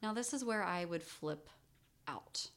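A woman in her thirties co-hosting a casual chat podcast, telling a story in a chatty, animated way with lots of fillers. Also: lowish voice, unhurried. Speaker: podcast co-host.

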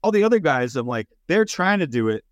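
A man's voice: fairly high pitch, very animated, fairly quick, dry recording, lo-fi sound. Wry male podcast guest, dry sound. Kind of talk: casual political chat.

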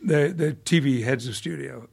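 Older male actor as a podcast guest; gravelly and husky, wry, measured anecdotes. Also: medium pitch, darkish tone. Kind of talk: casual podcast interview.

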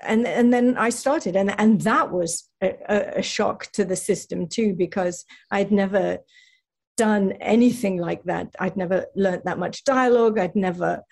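A woman's voice: medium pitch, a little slow, vocal fry, a little mellow. A woman with an English accent, chatting in an interview, self-deprecating and stumbling through restarts with frequent laughs. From England. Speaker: actress guest. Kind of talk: casual interview chat.

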